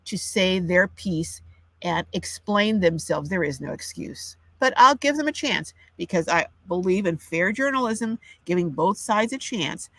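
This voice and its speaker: A woman's voice: fairly low pitch, a bit bright, no echo. An older woman hosting a live chat, ranting with indignation and reading out viewer comments. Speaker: livestream host. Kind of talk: casual livestream chat.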